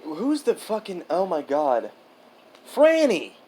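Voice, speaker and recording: Young woman, low voice, teasing chatty co-host, very expressive. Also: normal speed. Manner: chatty, teasing, cuts in often. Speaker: podcast co-host. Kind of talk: casual chat.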